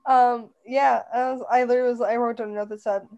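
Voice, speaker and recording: A woman's voice: a little high, fairly even intonation, fast, darkish tone, dull audio. A woman in her twenties co-hosting a podcast, playful and emphatic, swearing freely in casual chat. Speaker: podcast co-host.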